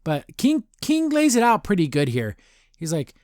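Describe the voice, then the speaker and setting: A man with a fairly high voice gives a loose, chatty podcast recap of a cartoon episode. He circles back and restarts often, and keeps dropping into quick paraphrased impressions of the characters. The sound is dry and close, with no room around it. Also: huge pitch swings, a little mellow, dry recording. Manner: rambling, loose retelling with frequent restarts and fillers.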